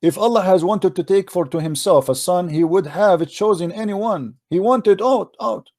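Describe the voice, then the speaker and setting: Male host, heated debater, insistent, broken English, a bit high-pitched. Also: moderate pace, darkish tone, dry recording, studio quality.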